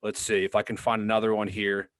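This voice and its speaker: Man, podcast host, relaxed questions, dry close sound. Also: on the low side, fast talker, no room sound. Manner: relaxed, prompting with short questions. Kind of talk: casual interview chat.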